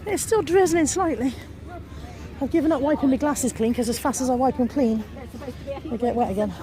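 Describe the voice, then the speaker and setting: A woman's voice: high-pitched, moderate pace. A British woman vlogging at an outdoor car boot sale, chatting wryly and self-deprecatingly while out of breath and snuffly with a cold. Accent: British English. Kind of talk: casual vlog narration. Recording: noisy outdoor recording.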